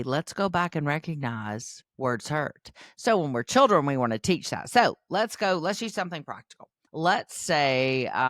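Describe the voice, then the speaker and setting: A woman's voice: a bass voice, no room sound, clean studio sound. An older woman hosting a parenting podcast, giving earnest, instructive advice in a conversational way. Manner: earnest, warmly instructive, acts out quoted voices.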